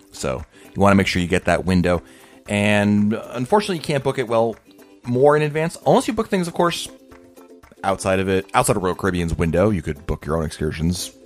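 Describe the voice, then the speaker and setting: A man hosting a podcast, reading listener emails and answering them in an upbeat, chatty way. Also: fairly low pitch. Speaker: podcast host.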